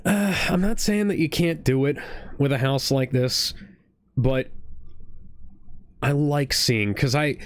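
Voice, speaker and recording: A man's voice: mid-range voice, slow, pauses often, dry recording, clean studio sound. A man from Ohio co-hosting a casual reaction chat, rambling earnestly with many restarts. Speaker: podcast co-host. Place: home streaming setup.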